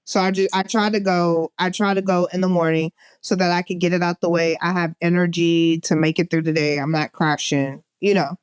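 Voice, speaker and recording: A woman co-hosting a podcast in casual chat, telling animated stories. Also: on the low side, fairly quick, few pauses, clear, resonant tone, no room sound, clean studio sound. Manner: animated storyteller, mimics gym noises. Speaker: podcast co-host.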